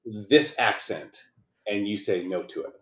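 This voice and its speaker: A man's voice: lowish voice, moderate pace, noisy background. A man co-hosting a casual talk show, rambling and swearing often in loose banter. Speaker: podcast co-host. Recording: roomy echo.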